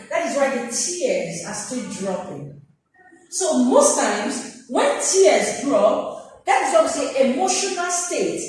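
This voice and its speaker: High, lively woman teacher in an echoey room. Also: a little hiss or hum. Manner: animated, acts out examples in sing-song voices. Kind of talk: classroom vocabulary lesson. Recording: very echoey room, mic far off.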